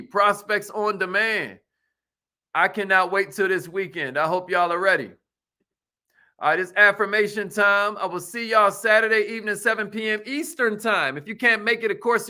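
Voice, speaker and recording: A man hosting a live sales coaching class, chanting catchphrases over and over, calling out viewers by name and leading them in affirmations. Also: high-pitched. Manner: energetic, repetitive, calls out viewers by name and leads affirmations.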